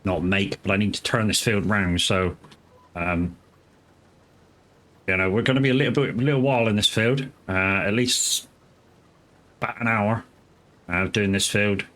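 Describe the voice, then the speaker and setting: A man's voice: fairly low pitch, normal speed, pauses often, fairly bright tone. A man chatting casually while streaming a farming game, greeting viewers and swearing freely as he rambles between tasks. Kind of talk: casual live gameplay commentary.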